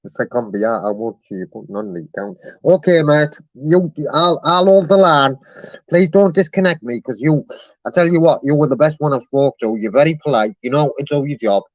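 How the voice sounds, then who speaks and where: A man's voice: on the high side, expressive, a little fast, no echo, dull audio. Persistent man on a complaint call. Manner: persistent, chatty, mock-polite. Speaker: caller complaining to customer service. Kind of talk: live-streamed phone complaint.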